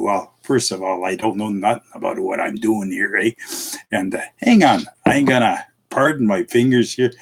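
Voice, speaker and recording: A man's voice: lowish voice, gravelly, a bit bright, husky. A middle-aged man hosting a casual live stream, chuckling often and tossing in "eh" as he greets viewers by name. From Canada. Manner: chuckling, folksy, halting with many "eh"s and fillers. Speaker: livestream host.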